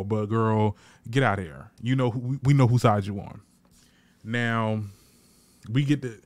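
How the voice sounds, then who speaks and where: Speaking in a lowish voice with no room sound, a man runs through a reality TV episode as a reviewer. His commentary is casual, blunt and sassy, peppered with swearing, and he animatedly acts out the cast's lines.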